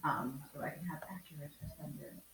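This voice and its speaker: Lowish woman teacher, um-ing thru math steps, roomy echo. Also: fairly even intonation, brisk, gravelly, noisy background. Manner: chatty, many ums, talks through steps. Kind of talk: remote class lesson.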